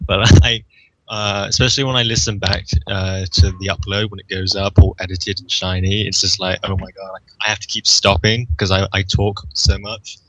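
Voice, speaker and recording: Young guy cohost, low voice, keeps repeating words, noisy mic. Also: flat delivery, normal speed, sharp tone. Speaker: podcast co-host. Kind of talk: casual chat.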